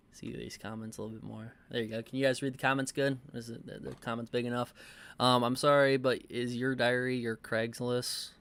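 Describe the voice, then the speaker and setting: A man giving reaction commentary and reading viewer comments, halting often with fillers and stuttered restarts. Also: mid-range voice, clear, resonant tone. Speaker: commentary YouTuber.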